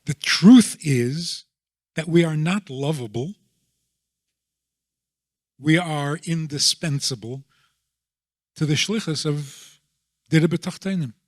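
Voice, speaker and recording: A man being interviewed as a rabbi, explaining his views in a deliberate way and often checking in with a rhetorical question. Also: on the high side, no room sound, studio quality.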